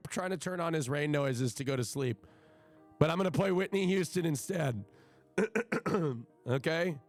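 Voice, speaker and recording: Guy streamer ranting at chat, swears a lot, trips over his words, kinda high voice, dry close mic. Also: no room sound. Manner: profane, emphatic, stammering restarts. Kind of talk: casual livestream rant to chat.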